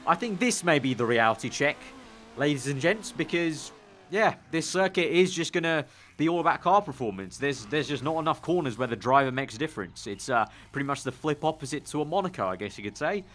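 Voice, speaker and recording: A young man with a Northern English accent, giving casual game commentary in a chatty way, thinking aloud with excitable bursts. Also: on the high side, a little hiss or hum. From Northern England. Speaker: gaming YouTuber.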